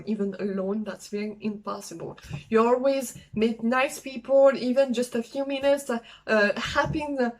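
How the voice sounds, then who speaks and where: A young woman from France with a French accent, chatting casually and haltingly in a travel vlog, with many fillers. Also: on the high side, rough recording. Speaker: travel vlogger. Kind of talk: casual solo vlog talk.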